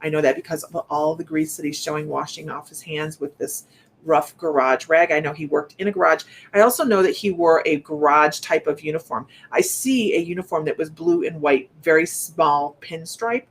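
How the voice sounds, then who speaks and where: A woman giving a live-streamed psychic reading, speaking softly and haltingly with many restarts, straight to her viewers. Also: deep voice. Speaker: psychic medium.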